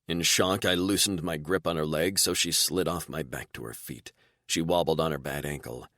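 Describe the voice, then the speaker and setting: A man narrating a fantasy romance audiobook in the first person, with steady, even storytelling. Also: rumbling low, moderate pace, vocal fry, dry recording, studio quality.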